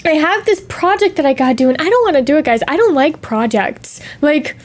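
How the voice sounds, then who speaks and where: A young woman streamer chatting casually, bubbly and excitable, with theatrical gasps and dramatic sighs. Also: high-pitched, a little fast.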